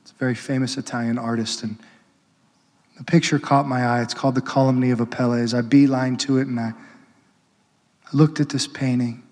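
A man, a Catholic priest, preaching a sermon with passion, building to loud urgent peaks and dropping to hushed, intimate pleading. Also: medium pitch, level tone, brisk, pauses often. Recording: long hall reverb.

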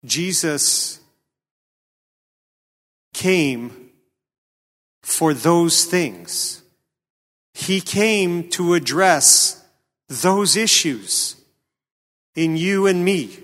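A man preaching a sermon, earnest and questioning, with a slow, emphatic delivery. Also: a little high, animated, a bit bright. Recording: long hall reverb.

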